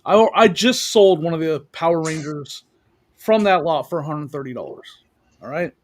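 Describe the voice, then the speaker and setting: High-voiced man excitedly swapping stories. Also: moderate pace. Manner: excited, jokes about deals. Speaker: reseller on a panel. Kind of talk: casual chat, telling stories. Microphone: video call.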